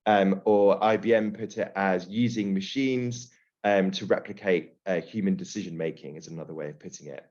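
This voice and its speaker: A slightly hoarse man with a very low voice explains his topic steadily to a webinar audience. The sound is dull and lo-fi, like a video call. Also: fairly even intonation, moderate pace, a little mellow. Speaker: guest speaker, AI specialist. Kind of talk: webinar presentation.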